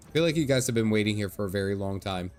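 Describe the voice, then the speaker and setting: A man's voice: fairly low pitch, animated, rapid-fire, darkish tone, faint music behind. A man chatting casually on a game livestream, laughing often and reading game text aloud. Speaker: gaming livestreamer.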